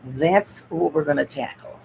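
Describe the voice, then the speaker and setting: Gravelly-voiced chatty craft host woman. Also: sits low, measured pace, darkish tone, a little hiss or hum, rough recording. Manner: chatty, rambling, reads out and answers viewer comments. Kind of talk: casual craft livestream chat.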